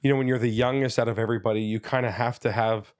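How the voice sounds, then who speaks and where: A man in his thirties, a comedian guest telling stories in lively, casual podcast chat and often checking in with "you know what I mean.". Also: medium pitch, fast, dry recording, clean studio sound. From Canada, Ontario. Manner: animated storyteller who slips into voices, says "you know what I mean" often.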